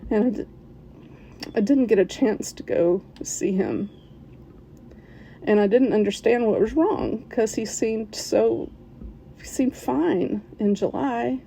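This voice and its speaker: A woman telling a personal story as a podcast listener, in an emotional, halting way with soft laughs. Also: fairly high pitch, creaky, slight background noise, poor audio.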